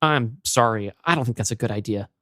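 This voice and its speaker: A man's voice: medium pitch, a little fast, no echo, clean studio sound, natural voice. A man as a weary, lonely loner. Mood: calm. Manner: calm, tired, matter-of-fact. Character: weary lonely grown man, a creature watcher. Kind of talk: podcast story reading.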